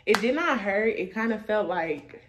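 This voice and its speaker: A woman's voice: mid-range voice, expressive, normal speed, lo-fi sound, noisy background. Young woman swearing through a loose storytime. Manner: profane, loose and laughing. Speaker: vlogger. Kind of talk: casual storytime monologue.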